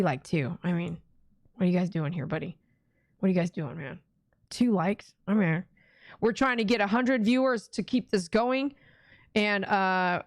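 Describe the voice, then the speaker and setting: A woman's voice: medium pitch, no echo, studio quality. A middle-aged woman with a Texan accent, hosting a casual live-stream prayer session and chatting with viewers. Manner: chatty, talks to viewers and acts out her own inner voice. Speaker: livestream prayer host.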